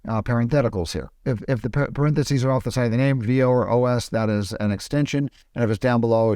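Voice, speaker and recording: A man explaining film production in a casual, screen-recorded tutorial, often pausing and restarting his sentences. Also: medium pitch, mellow, smooth, dry recording, studio quality. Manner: hesitant, with frequent restarts.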